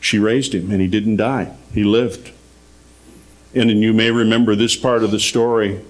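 A man's voice: lowish voice, steady tone, normal speed. A man preaching a radio sermon, telling a story earnestly and rising in emphasis on his key points.

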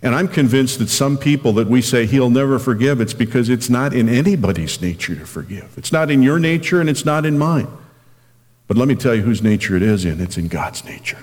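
A man preaching a radio sermon as pastor, earnest and direct, slowing down and lifting his voice when he reads scripture. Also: mid-range voice, animated, a little mellow, in a large hall. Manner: earnest, slows down and lifts his voice reading scripture.

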